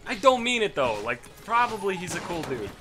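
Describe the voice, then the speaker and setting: A man's voice: high voice, very animated, a little fast, music in the background. A young man ranting casually about films while commenting on a game, with lots of swearing and restarts. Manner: ranting, profane, self-interrupting. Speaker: let's play host.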